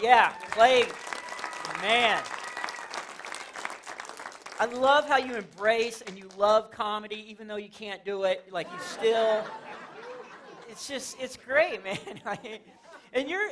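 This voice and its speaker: There's slight background noise as a man with a high, somewhat bright voice performs a stand-up set on a church stage. He animatedly spins stories, impersonates characters, and laughs at his jokes while the crowd laughs too.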